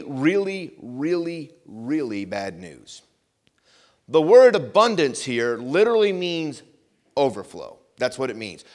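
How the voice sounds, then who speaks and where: Animated male preacher with lively pitch. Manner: animated preaching, swings from loud emphasis to quiet asides; repeats phrases for emphasis. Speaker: pastor. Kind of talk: sermon.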